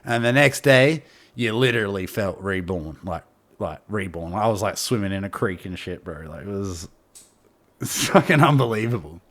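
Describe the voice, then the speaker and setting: A man tells a long, rambling story as a podcast guest. His voice sits low, and he peppers it with slang, swearing and quick laughs. The talk is casual and meandering. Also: lively intonation, fairly bright tone.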